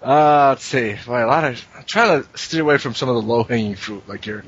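A man hosts a casual panel chat for a podcast, rambling, correcting himself and laughing often. He talks fairly quickly at a medium pitch, and the lo-fi recording is dull and very noisy.

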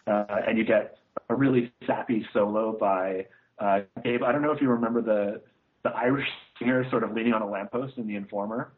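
A man's voice: on the low side, fairly even intonation, brisk. A man co-hosting a casual podcast, giving a rambling, scathing film review full of "uh" and "like". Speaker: podcast co-host reviewing films. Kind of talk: casual chat. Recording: tinny phone-like line.

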